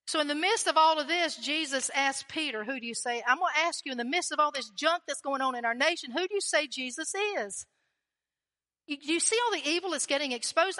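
A woman's voice: high-pitched, a little fast, pushed and bright, in a large hall. A woman preaching a sermon with fervent emphasis, repeating key lines and asking the listeners questions.

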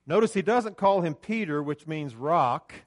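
Higher-voiced pastor preaching to a congregation. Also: male voice, animated, a little slow. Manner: conversational, swings between loud emphasis and quiet asides; directs the slide operator mid-talk. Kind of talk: sermon. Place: church sanctuary with a screen.

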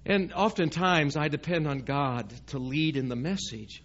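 A man's voice: on the high side, moderate pace, hardly any pauses, muffled recording. A man preaching a sermon to his congregation in a church, speaking conversationally and often asking the listeners questions. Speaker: pastor. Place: church sanctuary.

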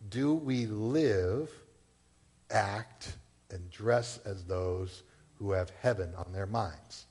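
A man from Massachusetts, a pastor, preaching a sermon in a conversational way, with rhetorical questions and casual asides. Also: mid-range voice. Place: church. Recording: long hall reverb.

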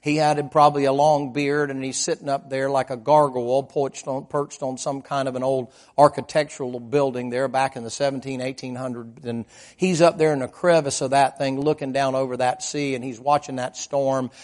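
Folksy storytelling preacher, mid-pitched man. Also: little pitch movement, moderate pace. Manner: folksy, vivid storytelling preacher who asks the congregation questions; swings between loud emphatic lines and low quiet asides. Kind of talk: sermon.

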